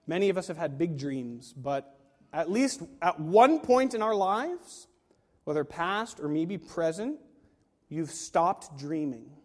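Male pastor, high voice, emphatic delivery, long hall reverb, sermon. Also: sing-song, slow pace, darkish tone. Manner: emphatic, rhetorical questions, acts out quoted voices. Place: large room with a live congregation.

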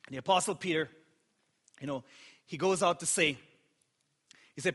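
A man with a high, bright voice preaches slowly and deliberately from a church sanctuary. He is impassioned and trades playful asides with the congregation. A long hall reverb trails every phrase. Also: slightly rough. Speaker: pastor. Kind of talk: sermon.

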